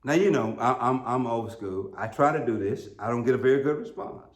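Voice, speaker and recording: A man's voice: medium pitch, expressive, fairly quick. A middle-aged American man preaching a sermon as pastor, telling folksy, humorous stories with emphatic peaks. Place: church sanctuary. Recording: roomy church sound.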